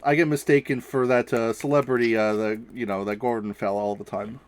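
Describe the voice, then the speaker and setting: A man voicing a smooth-talking but nervous male gambler in a tabletop game, wheedling and stammering. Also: mid-range voice, steady tone, fairly quick, close to an everyday voice.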